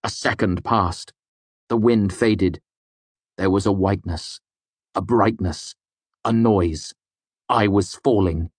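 A man narrating a first-person fantasy story in a measured, grave storytelling manner. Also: low-pitched, no room sound. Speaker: audiobook narrator.

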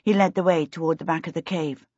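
A woman narrating a children's fantasy story with a steady, expressive reading. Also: low voice, quick pace, breathy edge, no echo. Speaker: audiobook narrator. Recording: dull lo-fi recording.

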